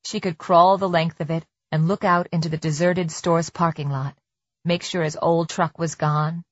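A woman reading a suspense novel aloud in steady, measured scripted narration. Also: fairly low pitch, no room sound, muffled recording. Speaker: audiobook narrator.

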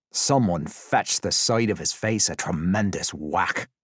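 Deep husky male audiobook narrator. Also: takes it slowly, hardly any pauses, no echo, studio quality. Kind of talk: scripted dramatic narration.

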